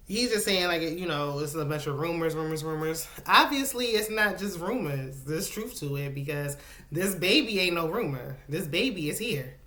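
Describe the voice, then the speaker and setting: A woman hosting a casual, opinionated reality TV recap, clearing her throat and coughing now and then. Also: low-pitched, a bit bright. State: coughing, with a lozenge in her mouth. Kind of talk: casual chat. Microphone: solo recording setup.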